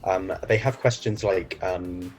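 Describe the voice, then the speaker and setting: British guy with a really low voice, laid back, lots of ums while he thinks. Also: a little slow, soft background music. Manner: relaxed, thoughtful, many ums, laughs easily. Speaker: guest native speaker. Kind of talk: casual video interview.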